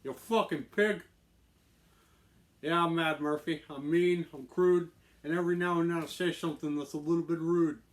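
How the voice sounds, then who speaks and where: A man putting on a loud, swaggering mob boss. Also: a little high, fairly even intonation, moderate pace, voice pushed up, close to an everyday voice. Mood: boastful. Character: mean crude male mob boss, gruff. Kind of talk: comic character bit.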